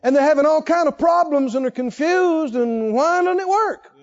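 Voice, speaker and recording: A man preaching a sermon, telling a personal story that swings between hushed asides and emphatic points. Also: extremely high pitch, moderate pace. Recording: dull lo-fi sound.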